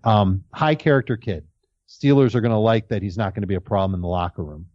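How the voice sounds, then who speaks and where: A man talks through the picks on a casual podcast, eager and quick to restart his sentences. His voice is dark and mellow. The sound is dry and a bit dull. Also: fairly low pitch, dry recording. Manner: enthusiastic, restarts words often. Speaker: fantasy football podcast co-host. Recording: dull lo-fi audio.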